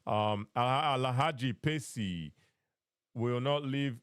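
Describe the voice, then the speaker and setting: A man's voice: medium pitch, slow pace, fairly bright tone, smooth, dry recording, clean studio sound. A man with a Nigerian accent hosting a live call-in podcast, mixing in Pidgin and often repeating his phrases. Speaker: podcast host. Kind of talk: live-stream call-in chat.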